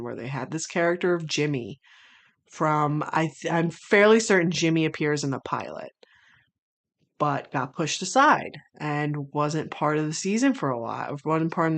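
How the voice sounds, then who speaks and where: A woman streaming casual commentary, swearing freely, sometimes breaking into loud exasperated rants and sometimes rambling thoughtfully with many restarts. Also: low-pitched.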